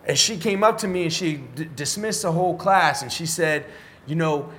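Forceful, animated middle-aged man telling stories. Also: a little high, normal speed. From United States. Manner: animated, profane, street-style slang. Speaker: podcast guest. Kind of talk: casual storytelling interview.

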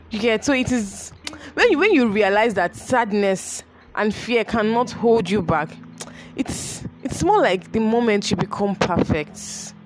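A woman's voice: medium pitch, a little hiss or hum. A young woman tells a personal story, emotional, repeating her phrases and laughing between sentences.

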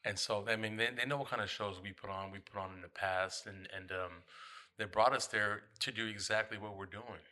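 A man co-running a gallery, speaking earnestly in casual podcast chat, halting and repeating words. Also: fairly low pitch, steady tone, pushed and bright. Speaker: gallery co-founder.

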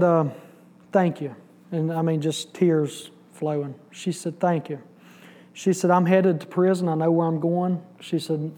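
A church bus ministry volunteer gives a testimony during a sermon, telling his story and acting out the dialogue. His voice is a little high with a darkish tone.

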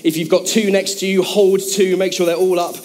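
A man's voice: high voice, level tone, fairly quick, darkish tone. A man preaching a sermon in a casual, chatty way with many fillers, speaking to a congregation in a church hall.

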